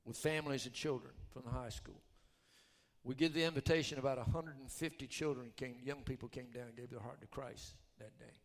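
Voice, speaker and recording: Man, pastor, sermon storytelling, fairly high voice, long hall reverb. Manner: animated testimony, swings from loud to hushed.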